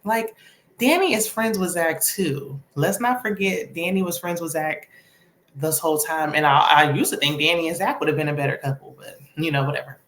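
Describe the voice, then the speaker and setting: A woman with a slightly low voice talks through a TV episode, chatty and sassy with strong opinions. Her voice rings in an echoey room, with a faint hiss of noise underneath. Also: moderate pace, fairly bright tone. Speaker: TV recap vlogger. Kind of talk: casual TV episode recap.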